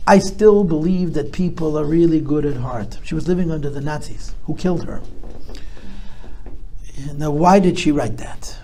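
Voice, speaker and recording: A man's voice: a little high, normal speed, warm tone. A man, a rabbi, answering audience questions in a reflective, explanatory way that grows emphatic. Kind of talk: lecture-style Q&A.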